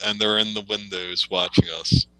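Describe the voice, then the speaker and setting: A man with a lowish voice speaks as a tabletop game player, bright and crisp in tone. He insists that the group keep moving, with a ringing clarity to his sound. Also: level tone, moderate pace, no echo, poor audio.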